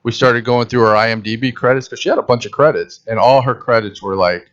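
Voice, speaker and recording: A man's voice: on the low side, fast, few pauses. A man telling a story in a casual podcast chat, acting out what people said. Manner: animated storyteller acting out quotes. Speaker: podcast host. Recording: dull lo-fi sound.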